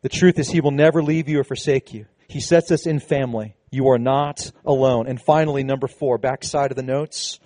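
A man preaching a sermon to his congregation, animated and conversational, with casual asides. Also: mid-range voice, fairly quick, few pauses, no echo. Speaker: pastor. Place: church service with a congregation.

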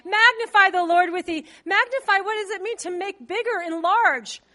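A woman's voice: extremely high pitch, moderate pace, sharp tone. A woman preaching a sermon to her congregation in a chatty way, putting questions to them and using many fillers. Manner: conversational, asks the congregation questions; loose with fillers.

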